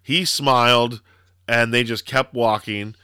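This podcast co-host talks slowly in a mid-range voice with fairly even intonation, his tone bright, forceful, clear and resonant. Recorded in a clean studio with no room sound, he casually rambles through stories, swearing and using plenty of fillers.

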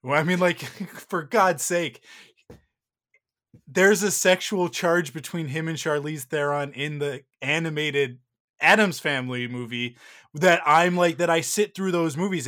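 A man's voice: a little high, measured pace, fairly bright tone. A man in his thirties co-hosting a casual podcast chat, gushing and rambling with playful exaggeration. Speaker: podcast co-host.

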